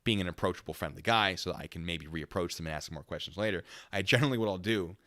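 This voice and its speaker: A man's voice: low-pitched, quick pace, sharp tone, dry recording, clean studio sound. A man, a former military police investigator, telling a story in a casual stream, rambling and correcting himself as he goes.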